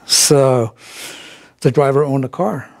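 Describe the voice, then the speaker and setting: A man's voice: mid-range voice, takes it slowly, creaky, darkish tone. A man giving a casual sermon at a spiritual center, folksy and chuckling, with many fillers and restarts. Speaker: spiritual practitioner giving a talk.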